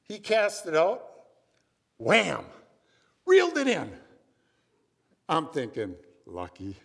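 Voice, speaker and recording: A man from Minnesota delivers a sermon in a storytelling, conversational manner, often tossing in "right?". His voice sits a little high. It rings out with a long reverb from a large hall. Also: wildly swooping pitch, drawn-out words, gravelly, a bit bright, husky. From Minnesota, USA. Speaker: pastor.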